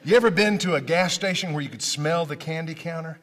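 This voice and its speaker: A man from Memphis tells stories to a crowd in a large hall, and long reverb trails each line. His voice is bright and a touch high for a man. He acts out the people in his stories, dropping to a hush and then climbing loud again. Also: brisk, slight background noise. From Memphis, Tennessee. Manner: dramatic, acts out dialogue, swings from loud to hushed. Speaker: motivational speaker. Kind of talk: storytelling speech to an audience.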